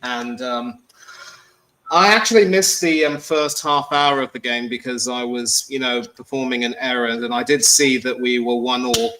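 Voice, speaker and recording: A man calling into a football show, speaking in a measured, wordy way with lots of ums. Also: mid-range voice, steady tone, pushed and bright, slight background noise, rough recording. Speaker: caller. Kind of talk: articulate casual chat.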